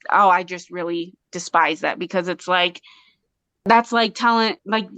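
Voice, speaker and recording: Earnest woman from Colorado, smooth voice. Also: medium pitch, fairly bright tone, no room sound. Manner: earnest, impassioned, many restarts. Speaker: guest artist and mother. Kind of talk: casual interview talk.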